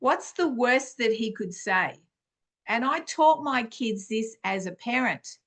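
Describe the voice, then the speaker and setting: A middle-aged woman gives informal spiritual teaching as a podcast host, speaking in an unhurried, conversational way and clearing her throat often. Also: a little high, animated, fairly bright tone.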